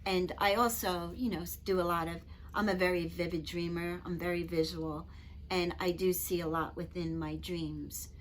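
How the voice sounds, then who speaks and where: Middle-aged woman, spiritual healer, gentle and earnest, slightly low voice, faint hum in the background. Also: fairly even intonation, normal speed. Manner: earnest, gentle, chatty with frequent "you know". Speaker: Reiki master and spiritual teacher. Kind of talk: personal storytelling to camera.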